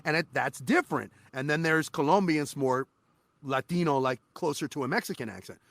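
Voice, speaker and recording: A man guesting on an interview podcast, a voice actor telling animated, profane stories about his work. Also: on the high side, brisk, vocal fry, dry recording. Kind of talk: casual interview chat.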